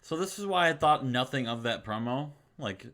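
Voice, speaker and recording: A man's voice: mid-range voice, animated, moderate pace, fairly bright tone. A man co-hosting a wrestling game stream, teasing and joking in casual banter. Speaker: co-host.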